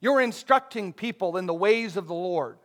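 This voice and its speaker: High-voiced preacher, conversational and emphatic. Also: male voice, expressive, normal speed. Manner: conversational preaching, rising emphatic bursts, asks congregation questions. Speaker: pastor. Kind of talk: sermon.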